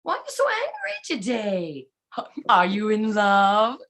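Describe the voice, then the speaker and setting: Woman doing a gossipy young wife, bright voice, lively pitch, teasing chatter, play reading. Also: a little slow.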